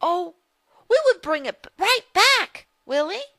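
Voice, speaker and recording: A high, thrilled little girl, eager and pleading, her voice bright and lifted well above a grown woman's, as a woman puts her on for a storybook reading. The delivery is slow and clear. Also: very animated, no room sound, studio quality, full character voice. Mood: excited.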